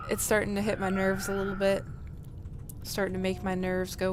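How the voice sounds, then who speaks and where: A woman's voice: medium pitch, monotone, brisk, noisy background. Nervous woman streaming a horror game. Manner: jumpy, nervous laughter, talks to herself. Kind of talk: casual game commentary; reads in-game text aloud.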